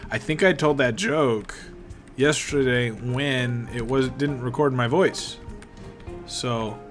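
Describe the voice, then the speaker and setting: Laid-back man at a mid pitch for a chill playthrough, rambling chatty asides, game music clear behind. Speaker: gaming channel host. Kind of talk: casual gameplay commentary.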